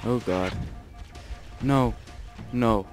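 A man's voice: medium pitch, very slow, over music. A young man commenting on his own gameplay, muttering panicky exclamations and swearing a lot. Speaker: let's play gamer. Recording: noisy gameplay recording.

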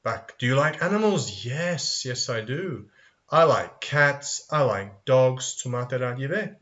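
A man teaching a children's English review lesson, modelling phrases and answering his own questions in a sing-song, animated way. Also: mid-range voice, measured pace. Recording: dull lo-fi recording.

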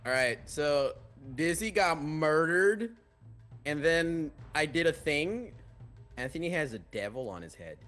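Slow-talking high-voiced stammering man. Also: lively intonation, fairly bright tone, faint music behind. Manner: giggly, stammering. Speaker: fellow player. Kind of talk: casual gaming chat.

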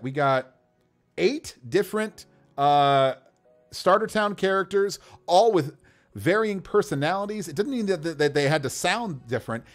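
A male host wrapping up a live stream show, chatty and friendly with many fillers. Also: fairly high pitch.

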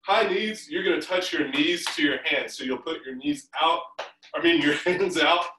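Guy coaching swimmers over zoom, bright tense voice, chatty and encouraging. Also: fairly high pitch, moderate pace, a little hiss or hum, rough recording. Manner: encouraging, chatty instructions with fillers. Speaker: swim coach. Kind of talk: leading a home workout over video call. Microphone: video call.

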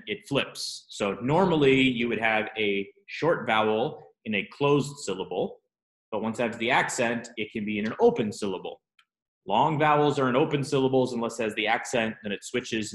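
A man's voice: mid-range voice, a bit bright. Man teaching in a roomy classroom. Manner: explanatory, asks students questions.

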